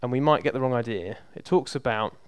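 Male preacher, conversational and emphatic; clear, resonant voice, dry close sound. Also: mid-range voice, quick pace, no echo. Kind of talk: sermon.

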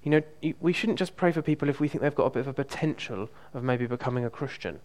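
A man preaching in an easy, conversational tone. His voice sits at an ordinary middle pitch, and he often pauses with "um" and backs up mid-phrase as he tells his story. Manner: relaxed, hesitant, frequent ums and restarts. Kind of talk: conversational sermon with personal testimony.

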